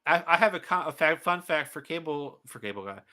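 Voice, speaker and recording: A man's voice: fairly high pitch, expressive, brisk, bright, forceful tone. A man co-hosting a casual live-stream chat, rambling and laughing easily while sharing fun facts. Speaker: co-host.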